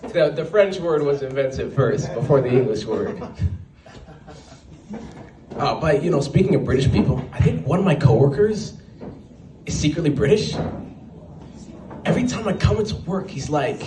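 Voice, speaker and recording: A man performing a stand-up comedy set at an open mic, telling stories with quick asides. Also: high voice. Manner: animated storytelling with quick asides and put-on voices. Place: small venue at an open mic night. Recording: roomy sound, voice from a distance, faint background.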